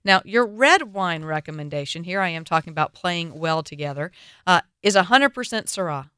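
Southern woman, wine radio host, chatty and opinionated, lowish smooth voice, dry close sound. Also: animated, normal speed, bright, forceful tone, dry recording. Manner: chatty, opinionated, playful asides. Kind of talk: radio talk show.

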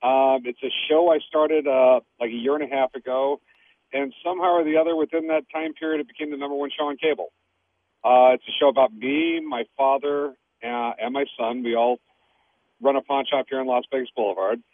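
A man speaks as a guest on a radio show, answering in a casual, halting way. His voice comes through a tinny phone line with a faint hiss behind it. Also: mid-range voice, steady tone. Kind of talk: phone-in interview.

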